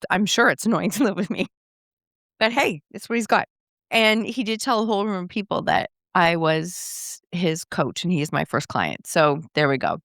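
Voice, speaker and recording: A middle-aged Canadian woman hosting her own podcast, telling a personal story in a casual, animated way and acting out the dialogue. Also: medium pitch, dry recording, studio quality. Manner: conversational, animated, acts out quoted dialogue. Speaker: podcast host.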